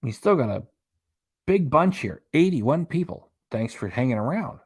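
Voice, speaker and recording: A man's voice: mid-range voice, very animated, normal speed, slightly rough. A man hosting a casual livestream from a small apartment, reading viewer comments aloud and chuckling between them. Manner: chatty, chuckles often, reads chat aloud. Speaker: livestream reaction host.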